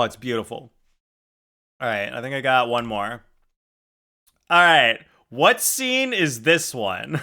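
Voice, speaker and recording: A man's voice: medium pitch, bright, forceful tone. A young man streaming live, reading chat aloud and joking about his drawings with crude humor and frequent laughter.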